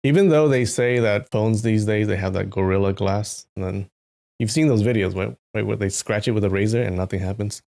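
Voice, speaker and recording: Man, streamer, low voice, casual chat, greets viewers, animated asides. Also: a little fast, vocal fry. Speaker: live-stream host reading a novel.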